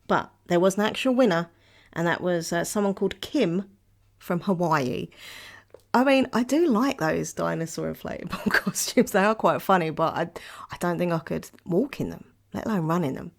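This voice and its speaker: A woman's voice: fairly low pitch, animated, normal speed, creaky. A woman hosting her own podcast, rambling cheerfully on her own with plenty of giggles and asides. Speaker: podcast host. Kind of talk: casual solo chat.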